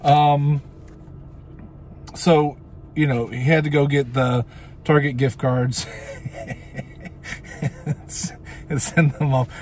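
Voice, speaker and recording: A man's voice: mid-range voice, steady tone, slow, pauses often, a little mellow. Rambling man recapping an episode. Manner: rambling, goofy asides, many fillers. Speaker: show reviewer.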